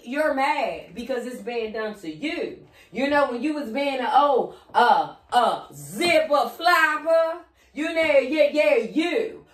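A woman giving a casual tarot reading, blunt and profane, who often slips into sing-song chanting. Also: high voice. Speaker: tarot reader. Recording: roomy echo, set back from the mic.

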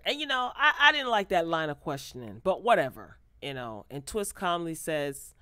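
A woman recaps a reality show into a close microphone, animated and often laughing as she acts out what people said. Her voice sits a little low for a woman. The sound is dry, with no room echo. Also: moderate pace, hardly any pauses, clear, resonant tone. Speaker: TV recap vlogger.

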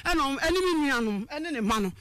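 A woman caller tells her own story with strong feeling. Her voice sits very high and cuts sharply. She often lifts her voice almost to a shout as she relives what happened. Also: a little fast, no room sound. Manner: animated, often raising her voice. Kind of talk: emotional personal account.

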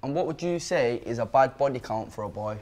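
A man's voice: medium pitch, expressive, fairly quick, a little mellow. A man with a Manchester accent hosting a dating show, blunt, teasing and sweary in casual banter. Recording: chattering crowd behind.

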